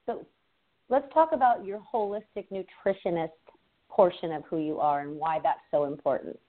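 A woman's voice: fairly low pitch, moderate pace. A woman hosting an interview show, chiming in with encouraging remarks and questions. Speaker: radio show host. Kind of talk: casual interview conversation. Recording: tinny phone-like line.

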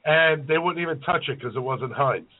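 A man's voice: on the high side, moderate pace. A man chatting casually on a podcast, ranting bluntly and swearing freely about food customers. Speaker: chef and podcast host. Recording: narrowband phone-like sound.

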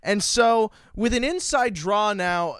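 A man's voice: high voice, lively intonation, slow pace, a bit bright, clean tone, no room sound, clean studio sound. A man hosting a racing podcast, asking the panel questions and throwing in wordy jokes and asides. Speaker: podcast host. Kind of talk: casual handicapping chat.

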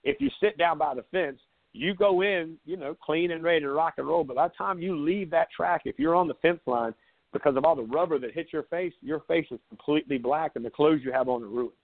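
Over a tinny line that sounds like a phone, a man in his 40s from South Carolina, a sports talk host, spins rambling stories in casual live chat. His voice is fairly high and fairly quick, his delivery relaxed and sarcastic.

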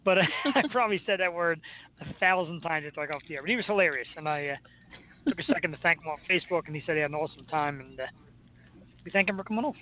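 Male talk host, high voice, loose jokey banter, tinny lo-fi audio. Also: very fast. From Philadelphia, US. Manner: joking, rambling, laughs often. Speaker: podcast host. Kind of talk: casual live show chat. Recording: tinny phone-like sound.

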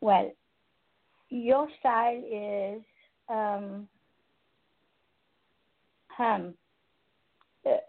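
A woman who hosts a radio show as a holistic coach, speaking deliberately with pauses and asking rhetorical questions. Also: mid-range voice, fairly even intonation, creaky. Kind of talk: radio talk show monologue. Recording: tinny phone-line sound.

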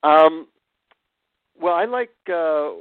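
A male psychotherapist and author telling an animated anecdote as an interview guest. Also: on the high side, drawn-out words, clean tone, no echo. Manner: animated, self-deprecating anecdotes. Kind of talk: conversational storytelling. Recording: dry, tinny phone-line sound.

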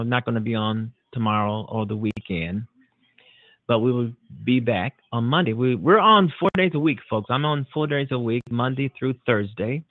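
A man's voice: mid-range voice, no echo. A man hosting a talk show, earnest and rambling, with frequent repeats and fillers as he signs off. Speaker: radio talk show host. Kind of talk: closing monologue of a call-in show. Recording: dry, tinny phone-like audio.

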